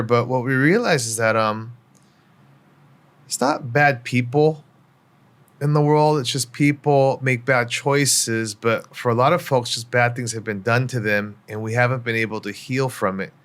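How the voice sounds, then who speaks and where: A middle-aged man appears as a podcast guest and tells his life story, candid and reflective, with many fillers, in a casual interview. His voice is medium in pitch and a bit bright.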